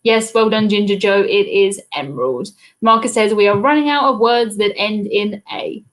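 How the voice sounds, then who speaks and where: At an ordinary speed and in a mid-range voice, this British woman hosts a cruise trivia livestream. Her tone is relaxed and talkative as she reads out viewer comments and answers them through a laptop webcam microphone.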